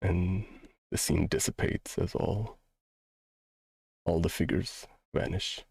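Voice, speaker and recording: A man narrates a tabletop game in a deep voice with a gravelly, husky edge. He paces his descriptions slowly and pauses often. The sound is dry and close. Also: fairly even intonation, darkish tone, dry recording. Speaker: game master.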